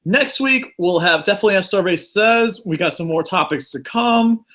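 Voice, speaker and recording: A man hosts a podcast in loose, casual chat, laughing and swearing along with his friends. His voice is bright and lively and rises a bit high. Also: moderate pace. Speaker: podcast host.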